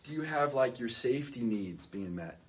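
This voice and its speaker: A man, a priest speaking to a group of boys at his school, in an easygoing, rambling way full of "like" and quick laughs. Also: medium pitch, animated, distant mic, background noise. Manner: chatty, full of "like" fillers, laughs often. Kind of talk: informal talk to a youth group. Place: boys' school in the US South.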